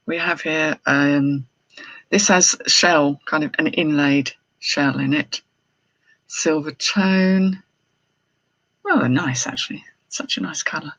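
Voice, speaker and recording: A woman's voice: low-pitched, takes it slowly, fairly bright tone, muffled recording. A middle-aged woman, chatting casually and exclaiming as she unboxes and talks to viewers on a live stream. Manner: chatty, exclaiming, thinking aloud. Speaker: jewellery reseller hosting a live haul stream.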